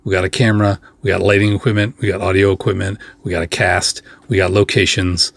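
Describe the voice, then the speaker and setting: Husky-voiced man telling a rambling story. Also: sits low, flat delivery, dry recording. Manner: chatty, rambling, with frequent fillers and quick asides. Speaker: podcast host. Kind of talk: casual storytelling monologue.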